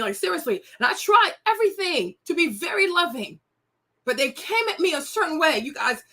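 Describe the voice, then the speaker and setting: A woman's voice: sits high, very animated, normal speed, sharp tone. A woman in her thirties talking casually and emotionally to her viewers, confiding and repeating herself for emphasis. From United States. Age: 30s. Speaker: host. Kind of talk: casual chat to camera.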